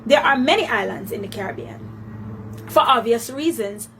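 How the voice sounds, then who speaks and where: A woman's voice: fairly high pitch, lively intonation, moderate pace, a bit bright, soft background music. A woman with a Jamaican accent giving an earnest opinion to camera, lecturing and slipping into patois.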